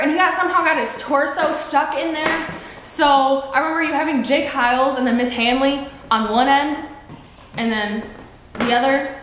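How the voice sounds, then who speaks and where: Chatty high-voiced teen girl, echoey room. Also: a bit bright. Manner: chatty, rambling, acts out quotes in squeaky voices. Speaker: vlogger. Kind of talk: casual storytelling vlog. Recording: very echoey room with faint background noise. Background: sewing machine noise.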